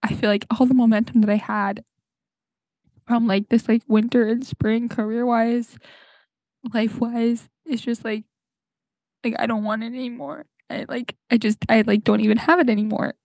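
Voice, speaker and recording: Tearful young woman with a gravelly voice. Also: a little high, fairly even intonation, darkish tone, dry recording. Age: young adult. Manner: halting, full of fillers and restarts. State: crying. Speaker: podcast host. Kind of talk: tearful personal monologue. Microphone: home podcast mic.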